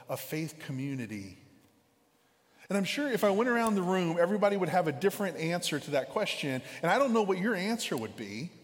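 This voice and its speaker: A male pastor giving a casual, conversational sermon in a church, often repeating words while thinking aloud. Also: a little high. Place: church sanctuary. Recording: reverberant church hall.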